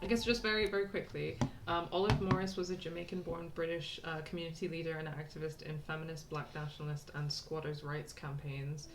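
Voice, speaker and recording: A woman's voice: sits low, flat delivery, fairly quick, hardly any pauses, noisy background. A woman co-hosting a video game let's-play, chatting casually, laughing often and stopping to explain things. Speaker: co-host playing a video game.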